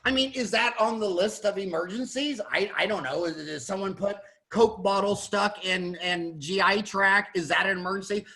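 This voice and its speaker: Blunt, high-voiced American man. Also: normal speed, hardly any pauses, low-quality recording. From United States. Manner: blunt, animated and rambling, with frequent restarts. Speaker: dentist. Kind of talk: panel discussion monologue.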